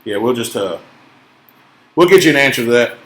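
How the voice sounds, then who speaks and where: A man from Tennessee with a mild Southern accent hosts a casual card-break chat, cracking jokes as he calls out each card. His voice is medium-pitched, expressive, and a little fast, and the room sounds echoey.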